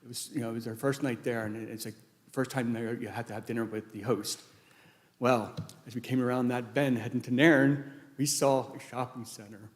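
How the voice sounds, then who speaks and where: A man's voice: medium pitch, steady tone, moderate pace. A man giving a eulogy for his late wife at a funeral, telling rambling, anecdotal stories with many restarts. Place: large church sanctuary. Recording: echoey church hall.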